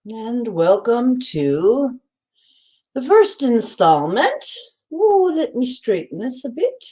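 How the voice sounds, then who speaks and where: Slow-talking mellow woman livestream host. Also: a little high, very animated. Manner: chatty, greets viewers by name, laughs often. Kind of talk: casual livestream chat.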